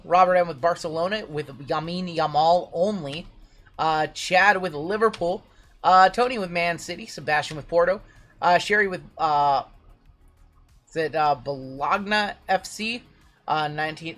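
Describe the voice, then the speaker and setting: A man's voice: a little high, moderate pace, fairly bright tone. A man hosting a live card break stream, rattling off names and teams in a loose, chatty way with plenty of fillers.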